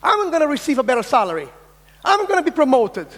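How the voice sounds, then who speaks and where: High-voiced man keynoting in a reverberant hall. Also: fast. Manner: energetic, insistent, swears, acts out quoted voices. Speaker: keynote speaker. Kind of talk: conference keynote talk. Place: large conference hall.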